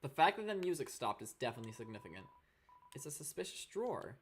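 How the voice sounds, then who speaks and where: A woman streaming live gameplay, talking to her chat in a chatty, excitable, playful way. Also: on the low side, fast talker. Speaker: gaming streamer.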